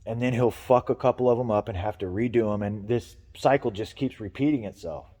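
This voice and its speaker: A man's voice: lowish voice, brisk, mellow, big-room sound. A man talking casually on a vlog, rambling and swearing as he vents frustration about work. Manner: rambling, profane, frustrated venting. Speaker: vlogger.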